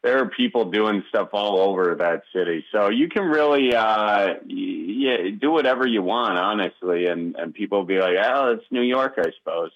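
A man's voice: lowish voice, moderate pace, hardly any pauses, muffled recording. A man with a Wisconsin accent, a comedian guest talking easily in a casual interview, with lots of fillers. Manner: easygoing, rambling, many fillers.

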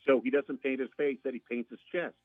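A man's voice: medium pitch, steady tone, fast, no echo, narrow, tinny audio. A man chatting as a radio guest, an enthusiastic storyteller who acts out quotes. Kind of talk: casual radio chat.

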